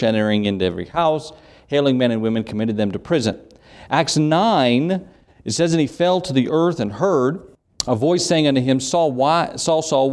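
A man's voice: mid-range voice, darkish tone. A man preaching a sermon as pastor, emphatic and repetitive, putting questions to his congregation.

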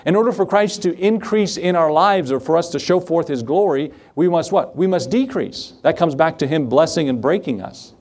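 Pastor, male, fairly high voice, animated sermon, acts out the quotes. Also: normal speed, few pauses. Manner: conversational asides and rhetorical questions.

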